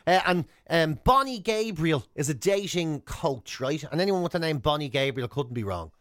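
An Irish man co-hosts a comic morning radio show, his pitch bouncing all over as he jokes and laughs. He sits a little higher than most men. The sound is close and dry. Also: animated, normal speed, a bit bright, dry recording. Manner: jokey, laughs often, stumbles over words. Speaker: radio host.

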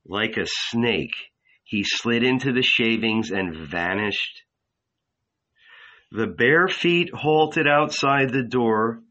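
A man narrating literary fiction in a measured, deliberate voice. His pace is very slow and unhurried, and the recording has a dull, lo-fi quality. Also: mid-range voice, animated, sharp tone. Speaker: audiobook narrator.

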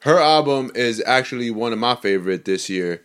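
A man's voice: mid-range voice, animated, moderate pace, fairly bright tone, clean tone. A young man co-hosting a podcast, chatting in a loose, laid-back way and swearing freely. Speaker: podcast co-host. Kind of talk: casual chat.

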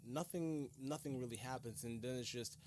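A man's voice: medium pitch, moderate pace, a little mellow, a little hiss or hum. A man co-hosting a casual film review podcast, hesitant, often repeating words as he works out his points. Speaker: podcast co-host.

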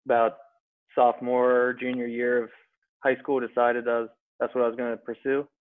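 A young man in his twenties from rural Pennsylvania, answering interview questions in a low-key, brief way. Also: completely flat delivery, moderate pace. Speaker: guest, pararescue graduate. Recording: phone-like thin sound.

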